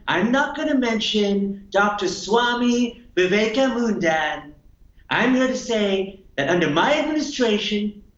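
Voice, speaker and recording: A man's voice: high-pitched, fairly bright tone, echoey room, dull audio. A man impersonating a brash, boastful older male president, stretching and repeating his words. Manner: bragging, repetitive, drawn-out delivery.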